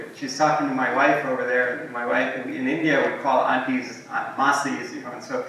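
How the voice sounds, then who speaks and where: Bright-voiced man speaking in an echoey hall. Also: mid-range voice, moderate pace, hardly any pauses. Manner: relaxed, anecdotal, frequent ums and asides. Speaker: invited guest speaker. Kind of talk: conversational storytelling keynote talk. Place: large echoing university hall. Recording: echoey hall, distant mic, faint noise.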